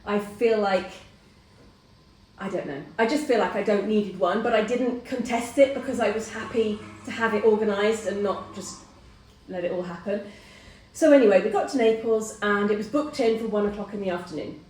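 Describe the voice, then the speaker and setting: Middle-aged woman host, animated personal storyteller, mid-pitched voice, distant and reverberant recording. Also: moderate pace. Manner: animated storyteller who acts out quoted voices. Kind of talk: casual chat, personal storytelling. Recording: roomy, distant mic.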